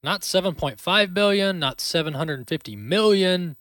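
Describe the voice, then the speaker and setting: A male talk show host delivers opinionated commentary with heavy sarcasm. His voice sits high and swings widely in pitch, with a bright edge. The sound is dry and close to the mic. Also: moderate pace, no room sound. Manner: sarcastic and animated.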